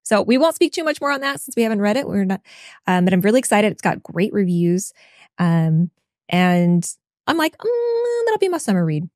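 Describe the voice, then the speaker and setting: A woman co-hosting a book podcast in casual chat, enthusiastic and quick to agree. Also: mid-range voice, lively intonation, darkish tone, no room sound, clean studio sound. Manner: enthusiastic, frequent agreeing fillers. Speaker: podcast co-host.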